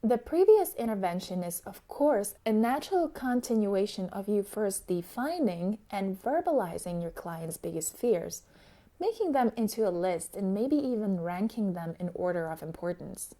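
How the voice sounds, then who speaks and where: A woman instructor giving a calm, explanatory scripted narration about coaching methods. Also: mid-range voice, moderate pace.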